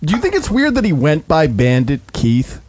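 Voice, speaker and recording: A man's voice: fairly high pitch, wildly swooping pitch, normal speed, darkish tone, dry recording. Sarcastic young man, dry close sound. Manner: crude, sarcastic, joking. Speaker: podcast co-host. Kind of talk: casual chat.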